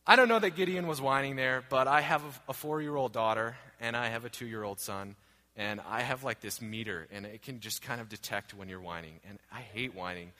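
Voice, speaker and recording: With a mid-range voice that sounds pushed and bright, a pastor in his thirties moves fairly quickly through an earnest sermon. He repeats himself and asks rhetorical questions, recorded in a long reverberant hall.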